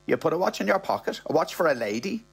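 A man's voice: a little high, sing-song, fast talker, gravelly, husky, faint music behind, pitched above the performer's own voice, heavily acted. A man with an Irish accent voicing a brazen middle-aged woman who talks in a breezy, matter-of-fact way. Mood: airy.

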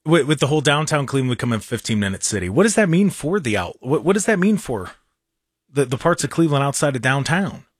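A man from hosting a radio talk show, with an animated, exasperated manner and frequent restarts. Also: mid-range voice, quick pace, breathy edge, dry recording, studio quality.

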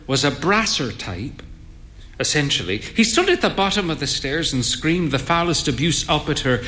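A man reading a short story aloud in a wry, expressive way. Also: a little high. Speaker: narrator.

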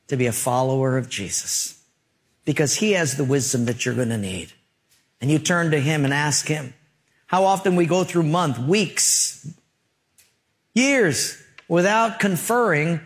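A male pastor delivers a sermon with a fairly high-pitched voice. He moves through stories in an emphatic yet conversational manner, speaking straight to the congregation.

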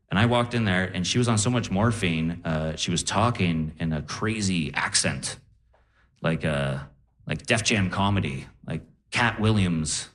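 A young man doing a stand-up set on a live stage, telling stories in a lively, animated way. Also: low voice, moderate pace. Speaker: stand-up comedian. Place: live comedy stage with audience.

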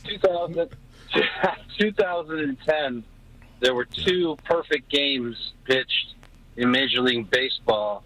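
Brief: male call-in listener, bright tone, keen and insistent. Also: mid-range voice, slow, poor audio. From Florida. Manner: eager, emphatic. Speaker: caller.

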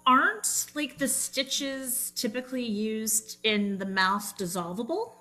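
A woman co-hosting a podcast in casual chat, friendly and quick with short replies. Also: fairly high pitch, sharp tone. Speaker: podcast co-host.

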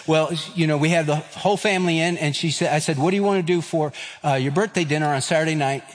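A pastor in his fifties gives a sermon in a medium-pitched voice with a big-room sound. He tells a personal story with humor, acting out voices and poking fun at himself.

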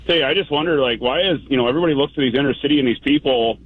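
Fast-talking man on a tinny phone line. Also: mid-range voice, slightly rough, dry recording. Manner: rambling, fervent, many fillers. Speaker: caller. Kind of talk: phone-in caller.

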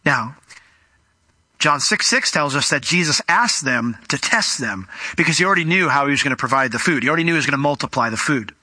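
Male preacher, lively conversational sermon, bright edgy tone, fairly high voice. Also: fairly quick, no echo. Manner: animated, conversational, acts out quotes. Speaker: pastor. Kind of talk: expository sermon.

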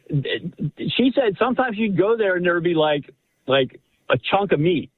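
A man calling in to a radio show, telling a family story in an animated, rambling way with many restarts. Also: high-pitched, unhurried. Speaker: caller. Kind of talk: casual storytelling on a phone-in. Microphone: telephone. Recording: husky voice over a tinny phone line.

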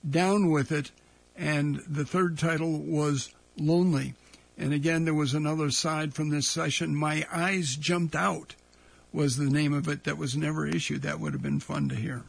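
A man hosting a radio music show, casually reading out musician credits and song titles with small pauses. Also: a little high, gravelly, no room sound. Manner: relaxed, reads session credits with small pauses. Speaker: radio host. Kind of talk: casual record-show announcing.

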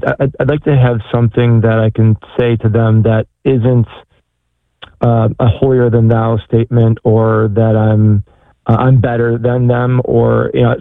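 Hesitant gravelly caller on a phone line. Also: male voice, medium pitch, no room sound. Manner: hesitant, many fillers and restarts. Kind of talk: call-in question.

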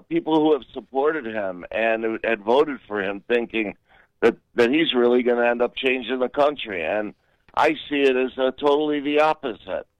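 A man's voice: medium pitch, no echo, low-quality recording. A man calling in to a radio talk show, earnest and indignant, pressing his point insistently. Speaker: caller.

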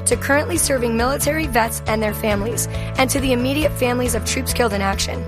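A woman's voice: a little high, fast talker, music in the background, close to an everyday voice. A woman acting as a veteran in a scripted charity ad, upbeat and friendly. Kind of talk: scripted ad dialogue.

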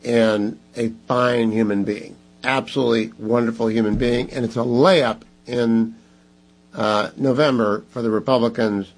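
A man's voice: mid-range voice, slightly rough, rough recording. Emphatic male talk radio host. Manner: emphatic, pleading and scolding listeners.

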